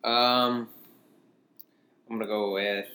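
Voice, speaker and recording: A man's voice: on the low side, level tone, takes it slowly, sharp tone, slight background noise. A man co-hosting a casual sports podcast, giving short, hesitant, wry reactions. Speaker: podcast co-host.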